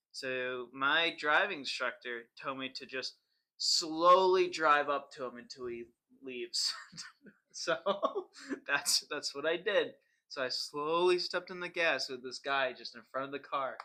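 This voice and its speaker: Young man with a very bright voice. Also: medium pitch, measured pace. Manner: laughing, rambling, restarts often. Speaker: podcast co-host. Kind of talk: casual storytelling chat.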